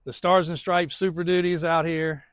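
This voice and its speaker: A man's voice: a little high, level tone, moderate pace, no room sound. A man in his thirties, a truck shop owner, rambling through a casual walkaround update of his lot, laughing often.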